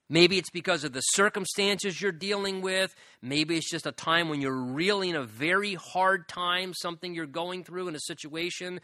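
A man's voice: high voice, normal speed, sharp tone, no echo, clean studio sound. A pastor preaching an earnest sermon, his delivery building to fervent emphasis.

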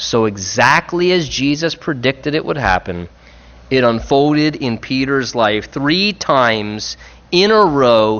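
Guy preaching a sermon, earnest and reflective, mid-pitched voice, kinda muffled lo-fi sound. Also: fairly bright tone. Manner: earnest, reflective, with emphatic rises and slowed key phrases.

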